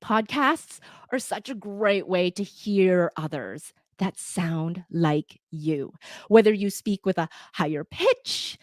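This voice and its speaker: A woman from Canada with a North American accent, a podcast editor talking to listeners in a lively, conversational way with fillers. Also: medium pitch, takes it slowly, no room sound, clean studio sound. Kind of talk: talk to listeners.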